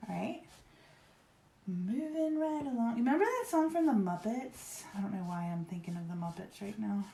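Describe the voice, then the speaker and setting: Animated and warm, this Virginia woman hosts a live craft demo, chatting cheerfully and rambling, full of "y'all" and "like." Her ordinary middle pitch carries vocal fry at a moderate pace, and the recording has a roomy echo.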